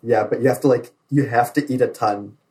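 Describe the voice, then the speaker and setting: A man's voice: mid-range voice, steady tone, fairly quick, warm tone, poor audio. A young man, a navy sailor, telling stories in casual chat with many filler likes and frequent laughs.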